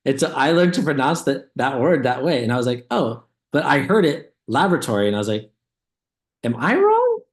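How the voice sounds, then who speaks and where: A relaxed man chatting casually with a friend, his pitch in the middle for a man. He tells rambling anecdotes and chuckles often, with many short agreeing replies. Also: fast, few pauses. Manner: laid-back, laughs often, rambling storyteller. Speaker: co-host. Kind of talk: casual reaction chat.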